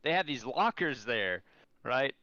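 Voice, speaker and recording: Bright, crisp-voiced man telling a story. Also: medium pitch, sing-song, measured pace, no echo, muffled recording. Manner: rambling, full of fillers and restarts, acts out quotes. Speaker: guest, serving soldier. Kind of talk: casual storytelling over beers.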